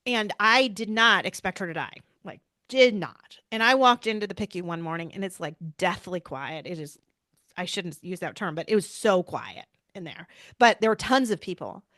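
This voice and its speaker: Speaking at a normal speed, this interview guest has a medium-pitched, expressive voice that sounds pushed and bright. She is a middle-aged pediatrician and bereaved mother sharing a personal story, searching earnestly for words and often starting over. The studio sound is clean with no echo.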